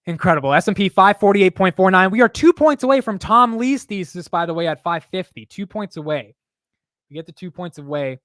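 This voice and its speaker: A man hosting a live market show, talking casually in an animated, profane, self-mocking way. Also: sits high, brisk, no echo, studio quality. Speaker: market livestream host.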